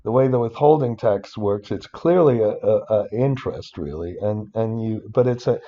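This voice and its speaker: Male finance instructor, warm dark tone, loose rambling delivery with sudden rants. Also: fairly low pitch, normal speed, dull audio. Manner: rambling, many restarts, breaks into excited rants. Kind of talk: screen-recorded spreadsheet tutorial.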